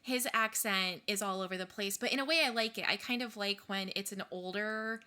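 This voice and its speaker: A woman co-hosting a podcast, chatting casually and animatedly about a book and its film, with quick asides. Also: mid-range voice, sharp tone, smooth. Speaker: podcast co-host.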